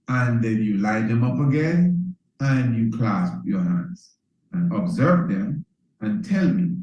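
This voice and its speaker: A man's voice: mid-range voice, darkish tone. A man giving a motivational teaching talk, preacherly, repeating phrases and checking in with "you understand?". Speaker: priest teaching a self-improvement course. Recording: roomy echo.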